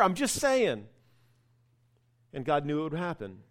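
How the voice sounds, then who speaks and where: A man with a fairly high voice preaching to his congregation. He tells the story in a chatty, animated way, drops casual asides and shifts his tone often. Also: measured pace. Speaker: pastor. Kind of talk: sermon.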